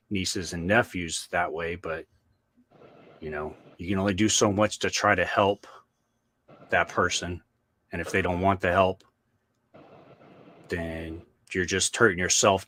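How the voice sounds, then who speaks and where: A man's voice: low voice, steady tone, a little slow, pauses often, sharp tone, slight background noise. A man co-hosting a live stream, plain-spoken and supportive.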